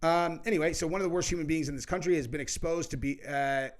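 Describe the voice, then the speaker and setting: A man's voice: on the high side, steady tone, fast talker. A man hosting a political commentary show, talking in a heated, rambling way with lots of swearing and "dude". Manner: heated, profane, says "dude" often; rambling, with many fillers and restarts.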